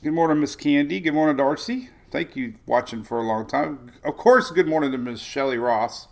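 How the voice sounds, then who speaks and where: A man's voice: a little high, moderate pace, creaky. A man in his forties hosting a casual morning live stream, rambling chattily, greeting viewers by name and talking to his dogs, from his home in Florida. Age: 40s. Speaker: weather streamer host.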